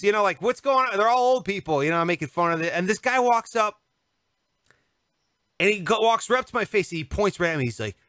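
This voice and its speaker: Lively high-voiced joking man. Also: dry recording, clean studio sound. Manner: animated, jokey, acts out quotes. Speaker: podcast co-host. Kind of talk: casual chat, storytelling.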